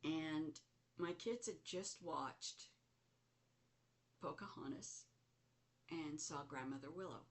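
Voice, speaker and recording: Middle-aged female host with a low voice and an unhurried, reflective storytelling delivery. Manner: slow, reflective, animated when recounting. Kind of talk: casual spoken storytelling.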